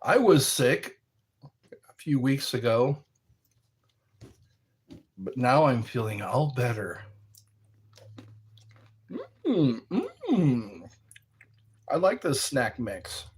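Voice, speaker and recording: Husky-voiced man, slow and lively. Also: mid-range voice. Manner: rambling and playful, spelling words out. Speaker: live stream host. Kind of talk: casual live-stream chat while snacking.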